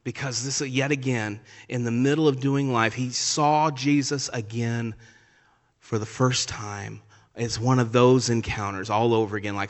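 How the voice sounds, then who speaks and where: In a church sanctuary, a male pastor preaches a sermon, his middle-pitched voice trailing into a long hall reverb. At a measured pace and with fairly even intonation, he swings between loud, emphatic declarations and soft, hushed asides.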